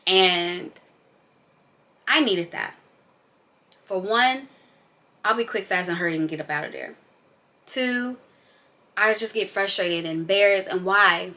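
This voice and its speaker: A woman's voice: mid-range voice, pushed and bright. A young woman vlogger and mom in an unscripted casual chat, candid and emphatic, rambling as she goes.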